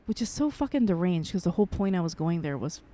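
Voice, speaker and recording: A woman's voice: fairly low pitch, sing-song, quick pace, mellow. A woman podcast co-host in her thirties, telling a personal story in a candid way, swearing freely and acting out what people said. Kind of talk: casual chat, personal storytelling.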